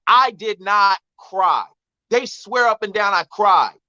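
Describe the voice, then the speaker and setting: A man telling a comic story on a radio talk show, animated and emphatic, repeating his denials. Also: sits high, slow, no echo, lo-fi sound. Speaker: comedian guest. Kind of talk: storytelling stand-up chat.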